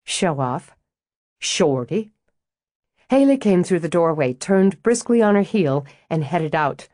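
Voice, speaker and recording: A woman narrating an audiobook in an even, measured reading on a close studio mic. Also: fairly low pitch, no echo.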